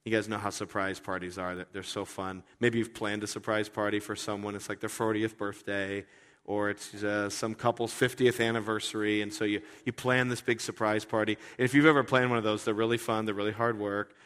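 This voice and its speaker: Animated joking male preacher, hall echo. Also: lowish voice, brisk. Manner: animated, joking, repeats words. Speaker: pastor. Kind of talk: sermon.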